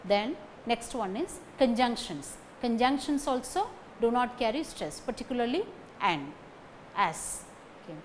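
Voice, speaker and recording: A woman giving a recorded lecture on phonetics, speaking deliberately, repeating example sentences and checking in with "okay" between points. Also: a little high, lively intonation, a little hiss or hum, poor audio.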